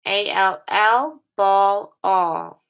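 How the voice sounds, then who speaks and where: A woman teacher giving a phonics lesson to young children, speaking slowly and clearly in a sing-song way. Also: medium pitch, fairly bright tone.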